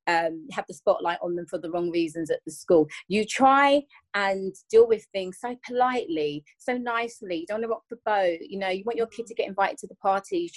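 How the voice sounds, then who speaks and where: Guest voice: earnest woman in her thirties, mid-pitched, reflective and repetitive. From England. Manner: earnest, circles back and repeats while searching for words. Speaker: podcast guest. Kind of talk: reflective conversational interview.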